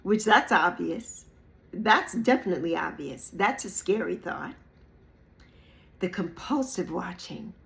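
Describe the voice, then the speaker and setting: A woman's voice: on the low side, animated, a little slow, creaky. Emphatic woman in her sixties. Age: 60s. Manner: emphatic, repeats phrases, mocks others in playful put-on voices. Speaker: YouTube creator. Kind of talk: reflective monologue to camera.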